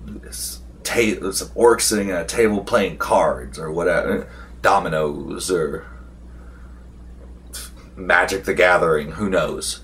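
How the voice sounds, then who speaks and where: A man's voice: low voice, takes it slowly, a bit bright, a little hiss or hum. A man casually retelling a tabletop role-playing session, wandering through the story with fillers and restarts. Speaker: vlogger recapping a tabletop game session. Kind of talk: casual rambling recap.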